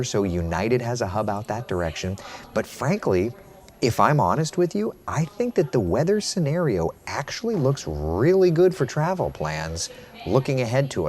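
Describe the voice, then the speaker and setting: A man hosting a live chat stream as a TV meteorologist, reading viewer comments and giving a relaxed weather and travel forecast, often repeating his phrases. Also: on the low side.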